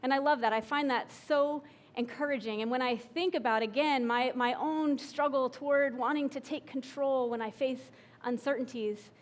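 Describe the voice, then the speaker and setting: A woman's voice: high voice, steady tone, moderate pace, slight background noise. A woman pastor preaching a sermon in a conversational way, often asking the congregation questions.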